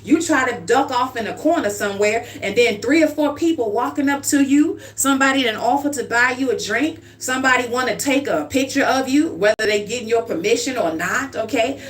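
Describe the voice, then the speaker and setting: A woman giving a livestream tarot reading in a chatty, informal way, often checking in with "okay?" and calling the listener "dear one". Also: a little high. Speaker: tarot card reader. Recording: slightly distant mic with faint hum.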